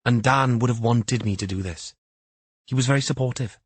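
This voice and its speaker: Guy reading as a deadpan young influencer girl, sarcastic, husky low tone, dry sound. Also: normal speed, dry recording, close to an everyday voice. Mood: flat. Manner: flat sing-song sarcasm. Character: odd young woman influencer, guarded and flippant.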